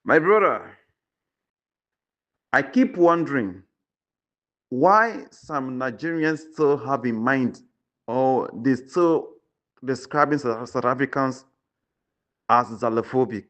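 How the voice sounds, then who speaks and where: A man's voice: mid-range voice, slow pace, pauses often, a bit bright. A man giving opinion commentary, preachy and repetitive, often checking in with the listener. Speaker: online commentator.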